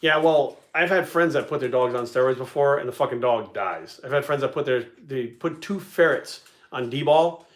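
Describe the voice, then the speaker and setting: A man hosting a casual fitness livestream, talking bluntly with lots of swearing. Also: mid-range voice. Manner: blunt, profane, rapid talk.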